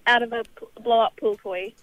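A woman's voice: on the high side, steady tone, fairly quick, dull audio. A young woman calling in to a radio show, breathless and giggly at winning a prize. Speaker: caller, prize winner. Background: music.

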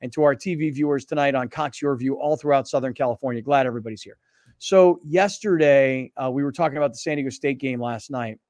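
A man's voice: medium pitch, fairly even intonation, rapid-fire, hardly any pauses, a little mellow, no echo. A man hosting a sports talk show, joking around in a laid-back, drawling way.

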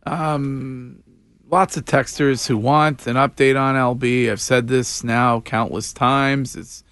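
A man's voice: medium pitch, clean tone, dry recording. A man hosting a morning radio show, chatting casually and laughing often with his co-hosts in a radio studio. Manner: laughs often, quick lively back-and-forth.

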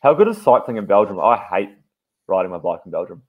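A man's voice: low-pitched, big pitch swings, fast, narrow, tinny audio. A man co-hosting a podcast, joking and chatting loosely in fits and starts. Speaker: podcast co-host. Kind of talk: casual banter.

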